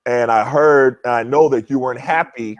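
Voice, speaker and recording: A man in his forties, a former pro athlete guest, telling a story in a lively way and acting out what others said. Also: normal speed, no echo. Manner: lively, acts out quotes with shifting pitch. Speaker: guest, former NBA player. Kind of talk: animated storytelling.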